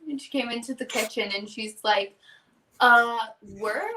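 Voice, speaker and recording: A woman's voice: a little high, fairly even intonation, a little fast, fairly bright tone, recorded from a distance, a little hiss or hum. A young woman in her twenties, a singer guesting on a casual interview chat, telling stories and quoting her bandmate. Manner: chatty storyteller who quotes her bandmate. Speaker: country duo singer, guest.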